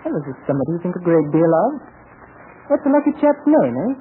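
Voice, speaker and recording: A man's voice: a little high, big pitch swings, quick pace, phone-quality sound. Actor doing a teasing guy faking a british accent, bouncy voice, crackly old radio. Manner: playful, teasing. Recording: scratchy 1940s radio broadcast.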